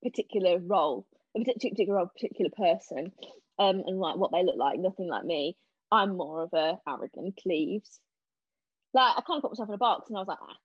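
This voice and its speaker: A young woman chatting casually as a podcast guest, telling animated stories and acting out what people said. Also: fairly low pitch, quick pace, slightly rough, dry recording. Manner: animated storyteller, acting out quotes. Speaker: podcast guest, stage actress. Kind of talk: casual chat. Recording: dull lo-fi sound.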